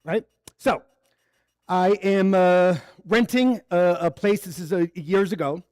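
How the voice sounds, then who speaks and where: A man's voice: sits high, slow pace, darkish tone, no echo. A man giving a candid, conversational sermon built on personal stories at a spiritual center service, acting out the dialogue as he goes. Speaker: spiritual speaker.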